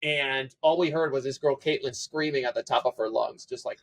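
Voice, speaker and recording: A man, a tech company CEO, telling stories as a guest in a casual podcast interview, acting out quoted dialogue with quick, run-on phrasing. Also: mid-range voice, poor audio. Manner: fast, run-on phrasing with restarts.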